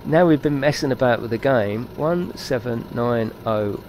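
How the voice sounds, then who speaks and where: A man giving excitable, chatty live commentary while streaming a game and talking to his viewers. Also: mid-range voice, moderate pace, a little hiss or hum.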